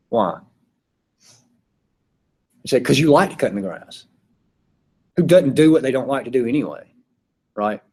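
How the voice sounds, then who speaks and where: A man's voice: medium pitch, darkish tone. A man giving a casual classroom lecture, chatty, acting out his examples in little voices. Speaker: philosophy teacher.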